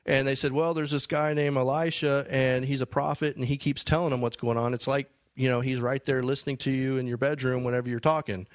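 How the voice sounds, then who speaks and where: A man's voice: mid-range voice, fairly even intonation, a little fast, few pauses, dry recording. Guy preaching a sermon, chatty, lots of restarts, dry close mic. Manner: conversational, many restarts and fillers. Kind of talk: sermon with scripture reading.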